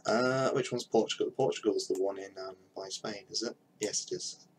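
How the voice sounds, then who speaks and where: A man's voice: on the low side, moderate pace, a little hiss or hum, low-quality recording. A young man thinking aloud in casual commentary while he builds a game map on a live stream, with mumbled asides as he works.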